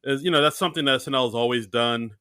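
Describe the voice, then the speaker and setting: Bright male co-host with dry sound. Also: medium pitch, racing, clear, resonant tone, no room sound. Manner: hesitant, with many fillers. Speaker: podcast co-host. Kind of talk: casual chat.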